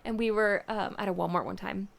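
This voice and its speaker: A woman co-hosting a podcast, telling stories in a giggly, animated way with many fillers. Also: medium pitch, brisk, vocal fry. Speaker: podcast co-host. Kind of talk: casual podcast storytelling.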